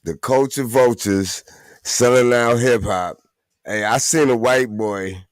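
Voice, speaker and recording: A man's voice: mid-range voice, takes it slowly, dry recording. A man hosting a casual live show from his basement, slangy and laid-back, often laughing. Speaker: host. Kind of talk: casual live-stream chat.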